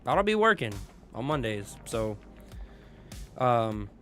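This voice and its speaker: A man's voice: medium pitch, sing-song, takes it slowly, fairly bright tone, faint music behind. A young man hosting a casual livestream chat, laid-back and slangy, greeting viewers and laughing often. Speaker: streamer host.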